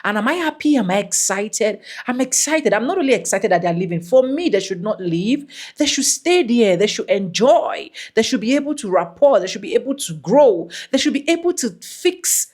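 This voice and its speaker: A woman host giving animated reaction commentary, repeating phrases in a preachy way. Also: on the high side, moderate pace.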